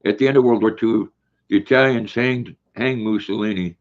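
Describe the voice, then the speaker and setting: Older man, low voice, folksy, live chat host, dull lo-fi sound. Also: steady tone, moderate pace. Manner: folksy, repeats words while reading chat aloud. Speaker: livestream host. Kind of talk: casual livestream chat, reading comments. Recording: dull lo-fi stream audio.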